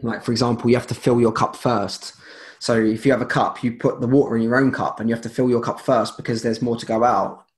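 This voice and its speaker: A man's voice: medium pitch, flat delivery, quick pace. A man speaking as a guest in a casual interview, rambling with many restarts and fillers.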